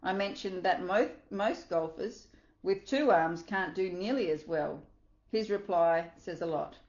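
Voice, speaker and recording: A woman's voice: fairly low pitch, unhurried, darkish tone, echoey room, dull audio. A woman coach reading a self-help book aloud, earnest, with small slips and asides.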